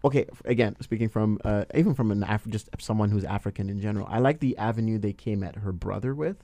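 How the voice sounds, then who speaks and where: A man from Nigeria chatting casually about a film, talkative and quick to laugh. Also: on the low side, warm tone, no echo.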